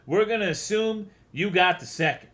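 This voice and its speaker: A man's voice: sits high, lively intonation, moderate pace, fairly bright tone, pitched above the performer's own voice. A man voicing a breezy know-it-all male scientist who explains things in a chatty way, while reading a visual novel aloud. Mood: breezy, explaining.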